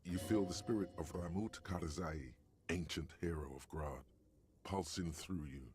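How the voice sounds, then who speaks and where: An actor narrating a detective's inner mind in a game, in a dramatic, ominous way with a gravelly voice. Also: male voice, low-pitched, normal speed, lightly acted.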